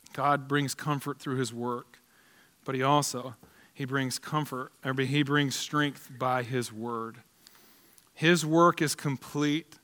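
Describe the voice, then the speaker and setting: A man's voice: medium pitch, fairly even intonation, slow, sharp tone. A man preaching a sermon as pastor, building his points with emphatic, repeated phrases. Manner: emphatic, repetitive rhetorical phrasing.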